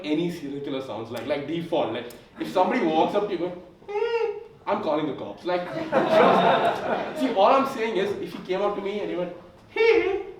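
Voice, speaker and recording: A man's voice: on the high side, noisy background. A sick young man doing stand-up comedy in a rambling, filler-heavy way. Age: young adult. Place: comedy club stage, indoors. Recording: echoey room heard from far off.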